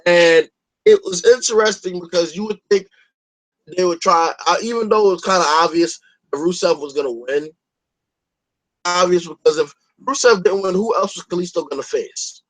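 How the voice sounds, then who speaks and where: High-voiced, profane male podcast host. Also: rough recording. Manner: profane, rambling, opinionated. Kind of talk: casual podcast chat.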